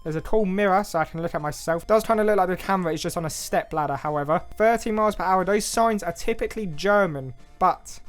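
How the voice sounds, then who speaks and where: A man's voice: high voice, fast talker, few pauses, faint music behind. A young man with an English accent giving casual, self-mocking game commentary, thinking aloud and second-guessing himself as he plays. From England. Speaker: gaming YouTuber.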